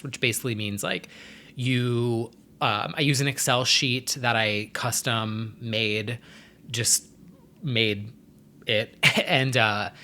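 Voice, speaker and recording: Bright-voiced man rambling casually. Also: mid-range voice. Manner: rambling stream of consciousness, frequent fillers and laughs. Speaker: vlogger. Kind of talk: casual chat.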